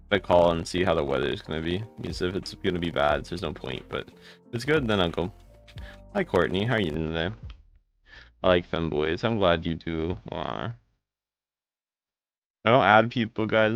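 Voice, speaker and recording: A man's voice: low voice, no room sound. A tired man casually chatting with viewers during a live gaming stream, greeting them by name with rambling asides.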